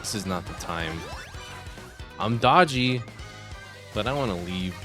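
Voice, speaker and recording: A man's voice: on the low side, lively intonation, unhurried, over music. A man commenting casually while streaming a game, chatty and reacting to chat. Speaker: gaming streamer.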